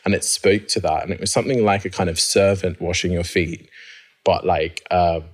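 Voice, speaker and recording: Deep-voiced man, reflective storyteller. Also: normal speed. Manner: reflective, laughs often, rises high when excited. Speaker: guest. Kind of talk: personal storytelling in conversation.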